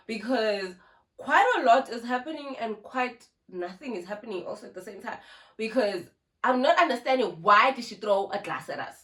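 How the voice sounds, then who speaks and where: A woman's voice: fairly high pitch, a bit bright. A young South African woman with a South African accent, animatedly telling a casual storytime to her phone camera and dropping in Zulu words. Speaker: YouTuber. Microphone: phone camera with ring light.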